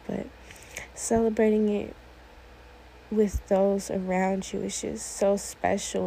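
An eighteen-year-old woman talking alone on her own podcast, her voice mellow and low in tone with a lot of vocal fry. She rambles and wanders off topic, filling her speech with "like" and "oh my gosh.". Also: slight background noise, low-quality recording. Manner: rambling, often sidetracked, many "like"s. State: a little emotional, teary. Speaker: podcast host. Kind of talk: casual solo podcast monologue.

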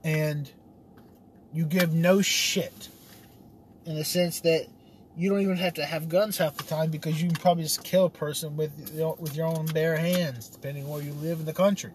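A man's voice: on the high side, steady tone, moderate pace, a little hiss or hum. A man talking in a casual, rambling vlog monologue, swearing freely and laughing at himself. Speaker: vlogger.

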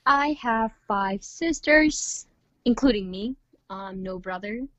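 A woman's voice: fairly high pitch, expressive, slow pace, fairly bright tone, dry recording, dull audio. A woman, a shy, hesitant guest who takes her time to think before answering. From India. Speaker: interview guest. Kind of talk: casual interview chat. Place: calling in from home.

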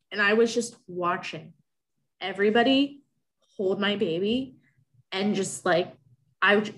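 A young woman talks through a personal story in a loose, chatty way. She gets emotional, rambles, and keeps restarting her sentences. Her voice sits at an ordinary middle pitch for a woman. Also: a bit bright.

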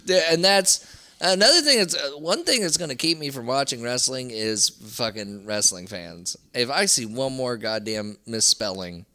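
A man's voice: mid-range voice, expressive, normal speed, bright, forceful tone. A man co-hosting a podcast in loose, profane casual chat, rambling and laughing often. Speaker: podcast co-host.

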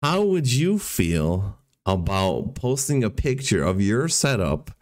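A man's voice: lowish voice, sing-song, slow pace. A young man hosting a podcast in a laid-back, playful chat full of slang. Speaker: podcast host. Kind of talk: casual chat.

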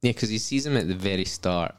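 A man co-hosting a film podcast in casual chat, chipping in with quick, dry quips. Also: fairly low pitch, clear, resonant tone. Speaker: podcast co-host.

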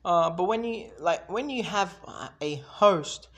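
A man's voice: high voice, lively intonation, measured pace, fairly bright tone. Rambling, swearing male podcaster. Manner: rambling, swears freely, jumps between subjects, acts out mock dialogue. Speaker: solo podcast host. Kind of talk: casual solo monologue.

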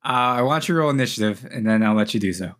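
A man narrating as game master of a tabletop game, relaxed and joking, laughing often. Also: medium pitch, rapid-fire.

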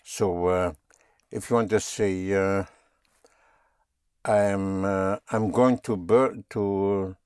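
A man's voice: low voice, fairly even intonation, drawn-out words, long pauses, a little mellow, clear, resonant tone, no room sound, studio quality. A man teaching German, patiently spelling words out and having learners repeat them. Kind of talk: slow language lesson.

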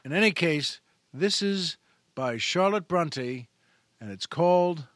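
A man hosting a comic podcast, with a lively voice that swoops up and down. He talks in an unhurried, drawn-out way and reads poetry with slow, dramatic care. The recording is dry and close, with no room sound. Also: fairly high pitch, no room sound. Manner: playful, self-correcting jokes with slow dramatic poetry reading. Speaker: podcast host.

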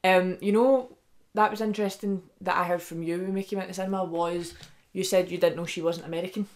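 A young woman with a lowish voice chats casually as a podcast co-host. She leans on "like" constantly and acts out what people said. Her talk is loose, rambling and full of quotes. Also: brisk. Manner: chatty, heavy use of "like", animated quoting. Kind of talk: casual chat.

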